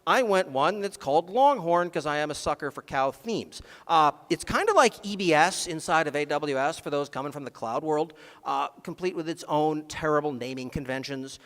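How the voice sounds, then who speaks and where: Man, conference speaker, sarcastic humor, high bright-pitched voice, long hall reverb. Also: animated, normal speed, few pauses. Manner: sarcastic, dry jokes. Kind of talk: comedic technical talk.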